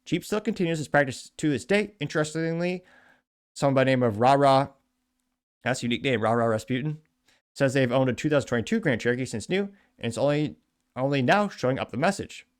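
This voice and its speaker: A man hosting a show, reading out a news article and adding wry, chatty asides in casual commentary. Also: mid-range voice. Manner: wry, chatty, quick asides and self-corrections. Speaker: show host.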